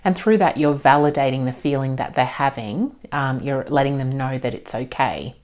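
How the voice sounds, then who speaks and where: A woman giving parenting advice as a psychologist and parent, speaking in a calm, gentle, explanatory way with frequent ums. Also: very deep voice, moderate pace.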